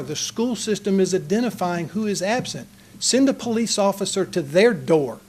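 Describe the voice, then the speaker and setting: A man with a drawl speaks at a council meeting podium with earnest, passionate conviction. His voice sits high for a man. He pleads rather than lectures, addressing the room directly. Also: darkish tone. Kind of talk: public comment speech. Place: council chamber.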